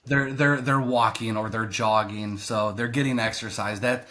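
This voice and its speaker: A man who coaches youth sports, a podcast guest in casual chat, telling stories in an animated, exasperated way. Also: on the low side, unhurried. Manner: animated storytelling, exasperated rants.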